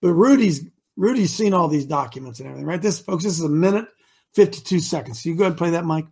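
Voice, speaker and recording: A man's voice: on the high side, animated, quick pace, darkish tone, breathy edge. A man hosting a live talk show, preachy and rousing, rambling between points. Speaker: host.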